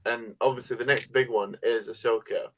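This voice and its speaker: A man's voice: mid-range voice, a little fast. Joking man hosting a chat. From United Kingdom. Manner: animated, jokey, acts out scenes. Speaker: host. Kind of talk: casual chat.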